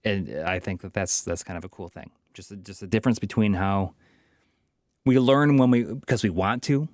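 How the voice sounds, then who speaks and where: A slightly tipsy man with a low voice muses aloud as a podcast co-host. He talks in loose, wandering thoughts. The sound is dry, with no room echo. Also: moderate pace, a little mellow. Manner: musing, loose and rambling. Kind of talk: casual chat.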